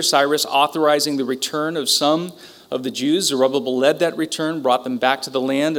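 Man teaching a sermon, fairly high-pitched. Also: fairly bright tone. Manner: conversational, with frequent fillers and restarts. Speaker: pastor.

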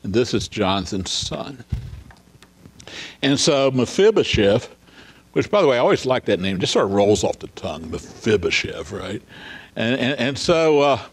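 A man's voice: medium pitch, very animated, moderate pace. A man teaching an informal Bible study, chatting through scripture scenes, asking his listeners rhetorical questions and paraphrasing the dialogue. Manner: conversational, asks listeners rhetorical questions and chuckles.

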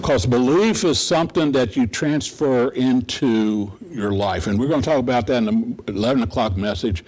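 A pastor giving a conversational sermon, often checking in with listeners by asking "right?" and acting out quoted pleas in short bursts. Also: male voice, mid-range voice, moderate pace, hardly any pauses, darkish tone, low-quality recording. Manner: conversational, asks the audience rhetorical questions with "right?"; acts out pleading voices in quotes.

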